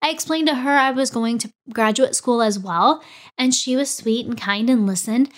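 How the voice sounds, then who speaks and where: A podcast host in her forties tells a personal story with energy, animatedly acting out the quoted dialogue. Her voice is a little high and moves at a normal speed.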